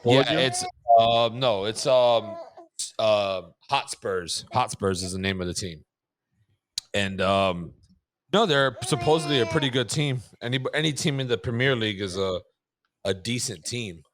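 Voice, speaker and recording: A man co-hosting a podcast, telling relaxed, joking anecdotes in casual chat. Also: on the low side, unhurried, slight background noise. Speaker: podcast co-host.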